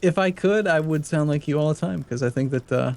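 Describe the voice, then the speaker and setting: A man's voice: a little high, brisk, gravelly, a little mellow. An American man chatting casually as a co-player in a gaming session, rambling with lots of fillers. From United States.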